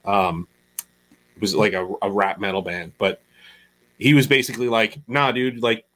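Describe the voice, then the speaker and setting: A man's voice: on the low side, normal speed, a bit bright. Casual, rambling male musician. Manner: rambling, with fillers and restarts. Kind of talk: casual chat.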